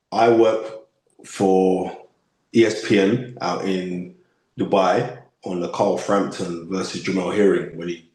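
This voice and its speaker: A man of fifty with a London accent, telling stories as a podcast guest in an emphatic, animated way. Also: low voice. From United Kingdom. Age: 50s. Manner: emphatic, acts out quoted voices, frequent "you know what I mean". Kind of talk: animated interview storytelling. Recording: echoey room.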